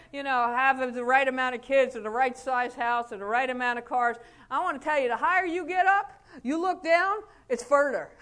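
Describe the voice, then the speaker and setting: A middle-aged woman chiropractor giving a folksy, animated motivational talk, laughing often and acting out quotes. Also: sits high. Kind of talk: motivational speech to an audience.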